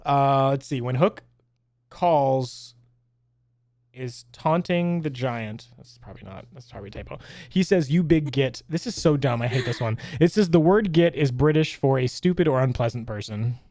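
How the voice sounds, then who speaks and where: A man in casual podcast chat, voice in the middle of the range. He talks in an animated way and laughs often, with his pitch jumping up when excited. The sound is close and dry. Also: moderate pace, no room sound. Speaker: podcast co-host.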